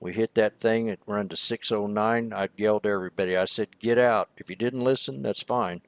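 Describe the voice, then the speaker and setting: A man's voice: on the low side, brisk, gravelly, no room sound. A man co-hosting a trading show, talking in a rambling, emphatic way with many repeated words. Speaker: stock trading show co-host. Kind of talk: casual market commentary.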